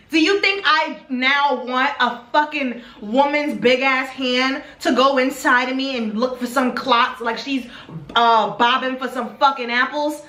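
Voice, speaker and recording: A woman's voice: high-pitched, moderate pace, bright, forceful tone. A young woman vlogger telling a candid, emotional story from her own life in a blunt, casual way, with some swearing. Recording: echoey room, faint background hum.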